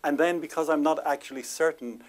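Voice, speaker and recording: A man giving an informal lecture to a live audience in a chatty way. He laughs often, makes self-deprecating asides and stresses lists of words with lively emphasis. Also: on the high side, fairly quick.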